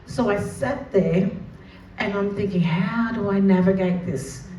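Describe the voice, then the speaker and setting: An Australian woman, an educator and mother, telling a personal story in a lively, vivid storytelling manner. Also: mid-range voice, a little slow. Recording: roomy, distant mic with faint noise.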